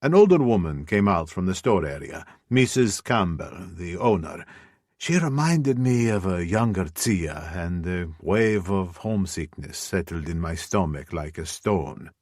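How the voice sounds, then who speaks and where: Low-voiced guy reading an audiobook, measured and brooding, dry close sound. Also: expressive, a little mellow, dry recording. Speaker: audiobook narrator. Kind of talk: first-person audiobook narration.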